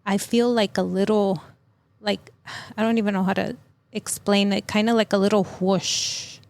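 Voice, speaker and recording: A middle-aged woman telling of a personal loss as a podcast guest, in a halting, emotional way full of fillers and restarts. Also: medium pitch, flat delivery, vocal fry. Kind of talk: personal testimony in an interview.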